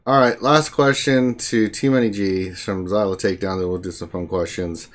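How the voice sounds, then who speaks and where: Deep-voiced man hosting a live Q&A. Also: moderate pace, few pauses. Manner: relaxed, reads questions aloud. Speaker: host reading viewer questions. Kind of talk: casual live Q&A chat.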